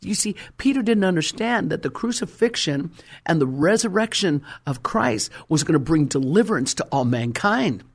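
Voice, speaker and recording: A man's voice: fairly high pitch, lively intonation, moderate pace. A male preacher delivering a fervent, story-driven sermon with rhyming emphasis.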